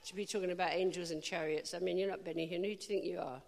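A woman preaching a sermon, telling a personal story with lively, animated delivery and bursts of laughter. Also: fairly low pitch, racing, creaky, big-room sound, a little hiss or hum.

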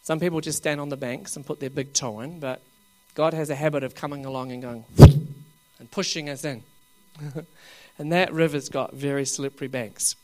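A man preaching at a revival meeting, laughing often as he coaxes the crowd and rises to loud bursts. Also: mid-range voice, fairly even intonation, moderate pace.

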